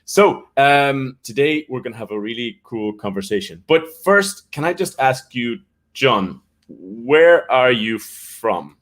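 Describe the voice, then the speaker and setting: A man's voice: medium pitch, lively intonation, slow pace, a bit bright. An Irish man hosting a casual live-stream chat for English learners, greeting viewers by name and laughing often. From Ireland.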